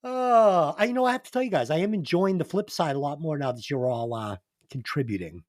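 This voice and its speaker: A man's voice: on the high side, lively intonation, fairly quick, dry recording, clean studio sound. A man hosting a music podcast, telling stories in a profane, laughing, casual way. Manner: profane, laughing anecdote teller. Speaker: podcast host, album reviewer.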